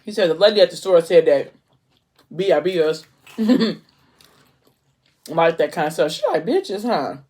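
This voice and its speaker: Young adult female book vlogger, animated storyteller, casual chat. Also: on the low side, measured pace, pauses often. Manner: animated retelling, acting out the characters.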